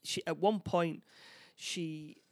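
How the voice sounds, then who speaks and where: A man's voice: fairly high pitch, fairly even intonation. A man chatting casually as he recaps a film plot, stumbling over restarts and acting out the characters' lines. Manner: halting, many restarts, acts out lines.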